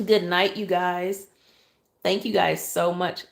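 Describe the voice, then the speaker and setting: A woman's voice: medium pitch, unhurried, gravelly. A woman chatting on a phone livestream while decorating cakes, apologetic and thanking viewers. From Oklahoma, US. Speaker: cake decorator. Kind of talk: live stream chat while decorating.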